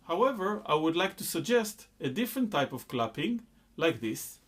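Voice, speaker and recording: A man's voice: a little high, sing-song, moderate pace, fairly bright tone. A man patiently explaining a rhythm exercise, counting beats and chanting syllables between explanations. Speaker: music teacher. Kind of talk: rhythm lesson with sung syllables.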